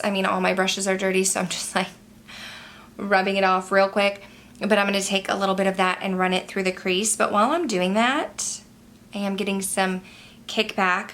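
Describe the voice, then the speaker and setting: A woman's voice: mid-range voice, fairly bright tone. A young woman talks casually while doing her makeup. She tells a story in a chatty, exasperated way. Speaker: beauty vlogger. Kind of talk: casual makeup tutorial chat.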